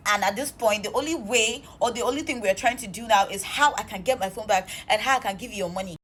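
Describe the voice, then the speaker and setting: A woman telling an exasperated storytime vlog, animated and swearing freely. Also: medium pitch, fast talker, a little hiss or hum. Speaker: vlogger.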